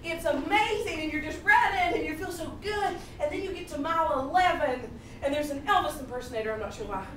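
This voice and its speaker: A woman telling a comic story to a live audience, animated and laughing as she talks. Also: sits high, brisk. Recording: echoey room from far off, noisy.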